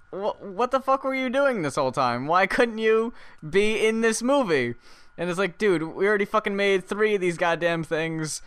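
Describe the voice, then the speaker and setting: A man's voice: high voice, fairly bright tone, smooth. A man co-hosting a podcast, trading dry, wry remarks in casual chat. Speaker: podcast co-host.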